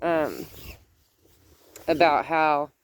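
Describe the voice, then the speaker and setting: Slow, chatty grandmother telling a story. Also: low-pitched, very animated, smooth. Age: older. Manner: chatty storytelling with laughs and asides. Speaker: vlogger. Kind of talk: casual chat.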